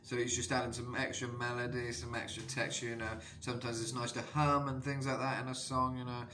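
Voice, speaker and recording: A man's voice: mid-range voice, a little fast. A man giving a casual vocal analysis lesson as a coach, rambling with lots of fillers. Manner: rambling, filler-heavy, bursts into sung demos. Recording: steady background noise.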